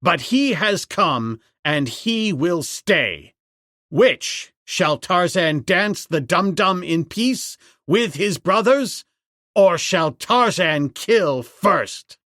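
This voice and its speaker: A man voicing a proud, commanding jungle hero who declaims his challenges slowly in an audiobook. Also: high-pitched, expressive, a bit bright, no echo, clean studio sound, full character voice. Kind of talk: audiobook narration.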